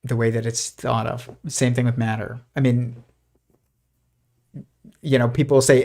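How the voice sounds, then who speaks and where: A man's voice: medium pitch, little pitch movement, unhurried, long pauses, darkish tone. A man hosting a live stream, talking in a rambling, argumentative way, with frequent restarts and fillers, dismissive of the ideas he discusses. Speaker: host.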